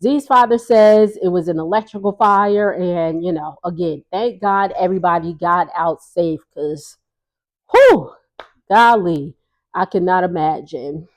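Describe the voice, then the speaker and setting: A woman's voice: on the low side, measured pace. A woman casually recapping a reality TV episode in a chatty, sassy way, laughing often and acting out what people said.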